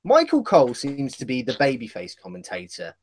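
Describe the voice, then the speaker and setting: A man's voice: mid-range voice, wildly swooping pitch, fairly quick, breathy edge. A man co-hosting a casual wrestling podcast, talking in a rambling way and correcting himself as he goes. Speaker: podcast co-host.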